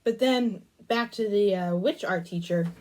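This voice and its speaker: A woman's voice: medium pitch, measured pace, darkish tone. A young adult woman chatting casually as she works with clay, wandering between her task and a long childhood story. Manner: rambling storytelling, asides about her work. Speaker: crafting channel host. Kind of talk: casual chat while crafting.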